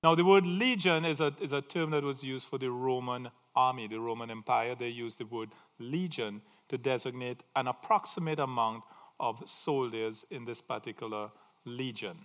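A man preaching a sermon, swinging from loud emphatic phrases to quiet asides. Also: mid-range voice, moderate pace, in a large hall.

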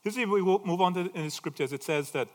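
A man preaches to a congregation. His voice sits a little high, and he punches key phrases loudly before dropping to quiet asides. The sound rings with a long reverb in a church hall. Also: fast talker. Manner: animated, swings from loud emphasis to quiet asides. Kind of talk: sermon.

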